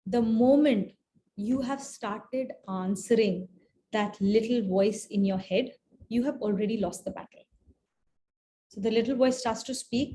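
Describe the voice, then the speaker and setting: A woman teaching a scripture class in a conversational way, often checking in with her listeners and pausing with fillers as she explains. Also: a little high, warm tone, slight background noise. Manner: conversational, keeps asking "right?"; pauses with fillers and restarts while explaining. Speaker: spiritual teacher.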